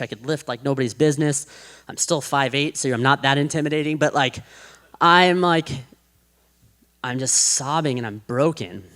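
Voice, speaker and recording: A man giving a personal faith testimony to an audience, rambling and restarting, his voice dropping low and hushed in heavy moments. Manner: rambling, self-described chaotic, with many restarts.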